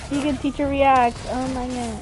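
A woman streaming a video game, giving goofy, excitable commentary full of yells and shrieks, with game music behind. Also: high voice, moderate pace. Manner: goofy, loud, shrieks and play-fight yells. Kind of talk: excitable let's-play commentary.

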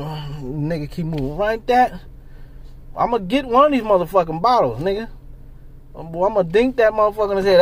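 A man ranting in casual commentary, animated and profane, firing off rhetorical questions. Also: very high voice. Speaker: commentary vlogger.

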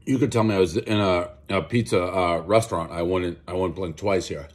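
A man's voice: deep voice, fairly quick. A man giving a casual, rambling and profane pizza review, telling stories as he eats. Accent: Boston. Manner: rambling, profane, animated storytelling.

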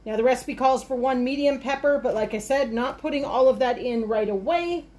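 A woman's voice: high-pitched, a little fast, a little mellow. A woman chatting enthusiastically as she tours her garden and explains a recipe while she works. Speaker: homesteading vlogger. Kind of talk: casual cooking and garden vlog. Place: garden outdoors, then kitchen.

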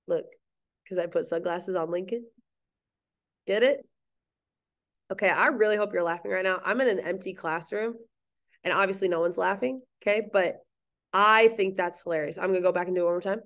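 A woman's voice: on the low side, moderate pace. A woman teacher giving a recorded history lecture in an empty classroom, playful, jokey and chatty.

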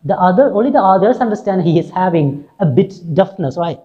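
A woman's voice: on the low side, lively intonation, fairly quick. Woman teacher paraphrasing a play, dull lo-fi sound. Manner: explains each line in simple paraphrase; uses many fillers and asks "right?". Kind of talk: reading and explaining a play text. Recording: dull lo-fi recording.

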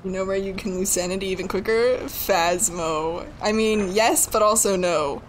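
A woman's voice: mid-range voice, normal speed, a little hiss or hum. A young woman in her twenties streaming a game live. She pleads, swears and mocks herself as she keeps failing. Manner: frustrated, pleading and swearing under her breath; self-mocking with bursts of laughter. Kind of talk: live gaming commentary.

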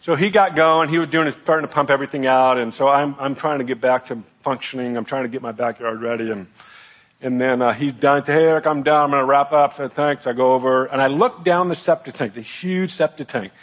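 A middle-aged man, a pastor, telling a personal story in a sermon with a candid, self-deprecating, animated manner. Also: mid-range voice, fairly quick.

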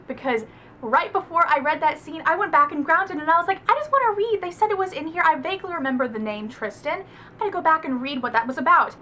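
A young woman reviews a book casually, gushing with emphasis and swearing readily. She has a high, bright voice, and a faint hum runs beneath the recording.

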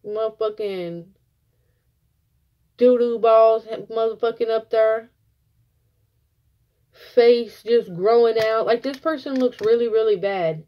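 Woman tarot reader, casual and profane, animated storytelling, muffled lo-fi audio. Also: a little high, slow pace, pauses often.

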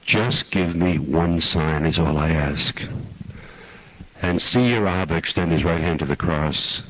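An older man with a husky voice, leading a slow, earnest guided prayer as a preacher in a sermon. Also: low-pitched, dry recording, highs cut off.

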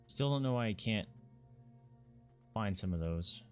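Excitable swearing man streaming a game. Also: fairly low pitch, a little slow, soft background music. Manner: profane, excitable, talks to himself and chat. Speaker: gaming streamer. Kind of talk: casual let's-play commentary.

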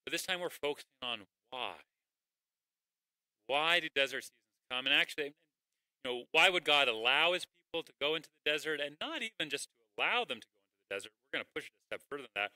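A man preaches from the front in a loose, conversational way, posing questions to his listeners. His voice is very bright and forward. The recording is dry and close, with little room sound. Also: medium pitch, dry recording, rough recording. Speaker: pastor. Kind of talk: sermon.

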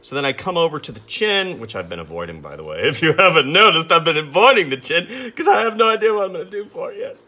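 Brief: artist narrating his sketch in a lively, sharp, husky voice. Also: a little high, fast talker, few pauses. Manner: chatty, self-amused, talks while sketching. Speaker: artist teaching drawing. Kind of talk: casual drawing tutorial chat.

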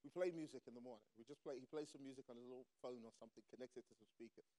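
A man preaching a fervent sermon in a church service, swinging from quiet asides to shouted declarations. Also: medium pitch, very fast. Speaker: pastor.

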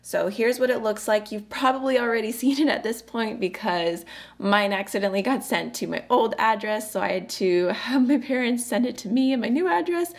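A young adult woman hosting a casual makeup review, chatty and bubbly, laughing often as she talks. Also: medium pitch. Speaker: beauty vlogger.

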